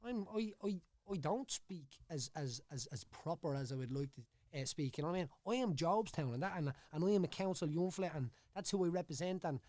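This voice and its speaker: Fast-talking Dublin man, rambling. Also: on the high side, animated, darkish tone, no room sound. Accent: Dublin Irish. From Ireland. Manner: rambling, repeats words, keeps saying "you know what I mean". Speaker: podcast guest, former fighter. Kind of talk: casual chat. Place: studio.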